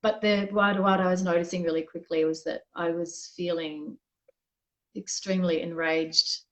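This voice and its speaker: A woman's voice: on the low side, steady tone, moderate pace, low-quality recording. A woman being interviewed as a guest, telling a personal story in a candid, reflective way and often restarting her sentences. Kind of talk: conversational interview.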